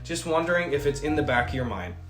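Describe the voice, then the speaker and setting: A man's voice: a little high, animated, fast, a bit bright, echoey room, soft background music. A man chatting casually on a livestream, rambling and swearing as he reads out chat messages, and a little sick. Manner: rambling, swearing, jokey asides. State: a bit sick. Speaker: streamer reading chat.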